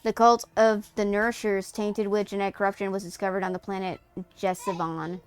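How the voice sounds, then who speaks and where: A woman streamer on a headset, reading game text aloud and reacting in an excitable, profane, giggly way. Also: mid-range voice, brisk. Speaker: streamer playing a video game.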